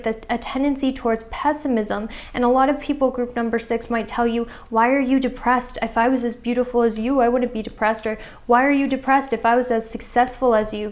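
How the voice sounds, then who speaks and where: A young woman giving a pick-a-card tarot reading straight to her viewers, earnest and chatty, full of "I feel like" and "you know". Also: fairly high pitch. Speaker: tarot reader.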